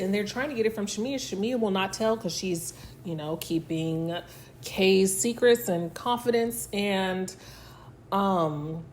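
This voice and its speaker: A woman talks through a reality show episode in a loose, chatty recap. Her voice sits in an ordinary middle range, and she slips into quick little impressions of the cast as she retells scenes. A faint noise runs underneath. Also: medium pitch. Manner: chatty, filler-heavy retelling that acts out quotes. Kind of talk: casual recap chat.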